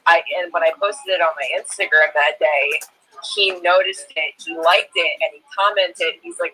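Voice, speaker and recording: A young woman, a guest in a casual chat, talking in an excitable, gushing way. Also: fairly low pitch, normal speed, husky, low-quality recording. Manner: excitable, gushing, many "like" fillers.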